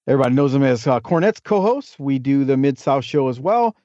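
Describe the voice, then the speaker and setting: A man chats as a guest on a podcast, rolling from one story to the next with jokey asides. His voice sits at an ordinary pitch. The audio is dry and slightly dull, like lo-fi podcast sound. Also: animated, a little fast, warm tone, no room sound. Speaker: podcast guest, wrestling historian. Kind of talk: casual interview chat.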